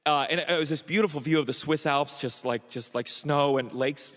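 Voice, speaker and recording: A man doing a stand-up comedy set, telling an animated story full of stammers and restarts, acting out the voices of the people in it. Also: a little high, brisk, in a large hall. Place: comedy club stage. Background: audience laughter.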